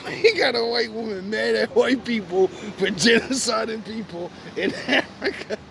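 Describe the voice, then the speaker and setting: A man's voice: high voice, moderate pace, gravelly, slight background noise. A man ranting casually to camera in profane slang, laughing often between lines and sounding amused and mocking. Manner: animated, mocking. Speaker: vlogger.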